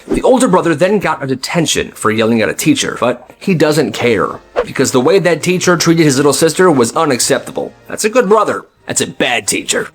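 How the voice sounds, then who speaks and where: A young man in casual, animated storytime narration who laughs and acts out voices. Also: fairly high pitch, breathy edge.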